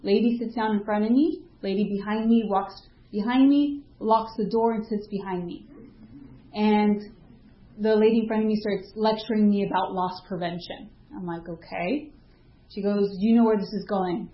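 A woman with a mid-range voice shares a personal faith testimony at a moderate pace, on a roomy, lo-fi recording. She tells it casually and vividly, acting out what people said to her and using lots of fillers like "like".

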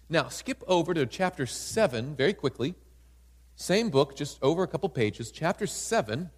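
A man delivers an animated sermon and acts out the scripture quotes, laughing often. His voice sits high and swings widely in pitch. The sound rings with long hall reverb. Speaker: preacher.

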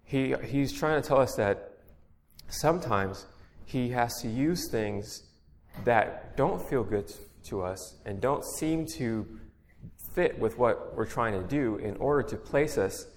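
Relaxed preaching man in echoey hall. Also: mid-range voice, takes it slowly, a little hiss or hum. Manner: plain-spoken, relaxed, explaining step by step. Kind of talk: conversational sermon. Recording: long echo of a large hall.

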